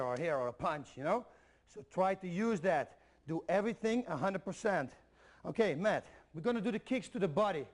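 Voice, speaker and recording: A man with a high speaking voice walks students through kicking drills. He coaches in a direct, repetitive way and counts each step as he demonstrates. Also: darkish tone. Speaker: MMA instructor. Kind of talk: instructional video demonstration.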